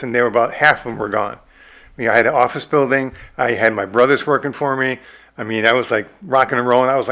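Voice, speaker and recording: Man, 60s, from the Midwest, rapid animated storyteller, middle pitch, interview guest. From American Midwest. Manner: animated storyteller who acts out his own quotes. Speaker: film director and producer, interview guest.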